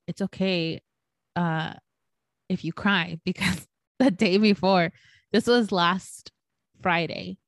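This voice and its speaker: A young woman co-hosts a podcast in loose, casual chat. Her voice sits fairly low, and she tells stories in a rambling way, full of fillers and casual swearing. The sound is dry and close, with no room echo. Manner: swears freely, storytelling with lots of fillers. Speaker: podcast co-host.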